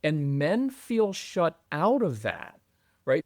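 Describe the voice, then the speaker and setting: A middle-aged man guesting on a podcast about parenting, who talks in an animated, conversational way and acts out what other people say. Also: takes it slowly, no echo, studio quality. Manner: animated, acts out quoted voices with jumps in pitch. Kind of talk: conversational interview.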